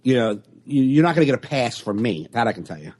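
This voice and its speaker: A man's voice: medium pitch, fast talker. A man, a stand-up comedian, telling stories in a casual podcast chat over a video call and acting out the exchanges. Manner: animated storyteller acting out exchanges.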